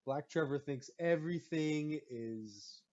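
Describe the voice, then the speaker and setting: A man hosting a podcast and ranting in a profane, animated way about his own stories. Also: a little high, slow pace, slight background noise. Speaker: podcast host. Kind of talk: profane comedic rant. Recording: muffled lo-fi recording.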